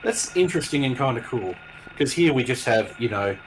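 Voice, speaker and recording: A man's voice: medium pitch, lively intonation, brisk, noisy background. A man chatting casually and thoughtfully about a video game as co-host.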